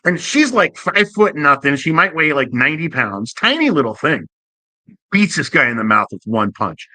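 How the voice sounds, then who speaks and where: Bright, animated male storytelling host. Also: on the high side, moderate pace, no echo. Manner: animated, profane, jokey anecdote telling. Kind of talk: casual comic storytelling.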